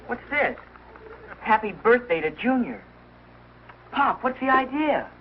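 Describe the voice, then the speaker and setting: An actor playing an awkward, embarrassed teenage son in a 1940s radio sitcom, talking hesitantly. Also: male voice, very high voice, very animated, takes it slowly, exaggerated voice. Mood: curious. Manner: hesitant, fumbling. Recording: dull old radio broadcast with faint hiss.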